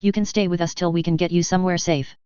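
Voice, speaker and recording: A woman reading a brash, cheerful Australian woman soldier who talks loud and blunt. The voice is low and very smooth, and the recording is dull and dry. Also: fairly even intonation, quick pace, no room sound, natural voice.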